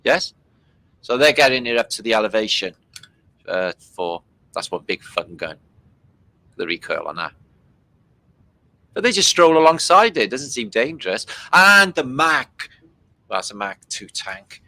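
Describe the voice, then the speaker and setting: Narrating over old war footage, a British host speaks in a low, sing-song voice with a sharp tone and a moderate pace, leaving long pauses. He keeps things casual, swears freely, and fills gaps with ums, and there's no echo.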